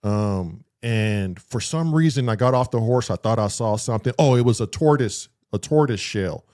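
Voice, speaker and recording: Pitched in the middle and moving at a normal speed, this man's voice carries a long, casual tale on a podcast he co-hosts. Swearing comes easily to him, and he acts out his reactions in a lively, profane way, quoting himself with flair.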